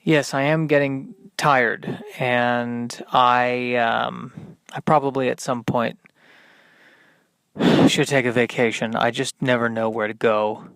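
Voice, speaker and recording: A man hosting a solo podcast, rambling through deadpan, self-deprecating asides. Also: medium pitch, slow, smooth, no echo. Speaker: podcast host. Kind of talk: solo comedic monologue.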